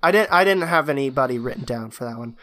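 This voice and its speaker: Bright-voiced hesitant man guessing trivia. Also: mid-range voice, expressive, fast. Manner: hesitant, full of ums, acts out slogans. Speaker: game contestant. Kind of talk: casual chat.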